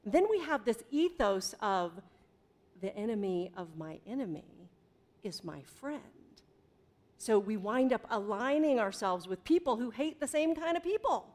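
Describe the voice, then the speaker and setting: A woman's voice: fairly high pitch, expressive, a little mellow. Woman preaching a conversational sermon. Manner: conversational preaching with dramatic pauses and shifts in volume. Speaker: pastor.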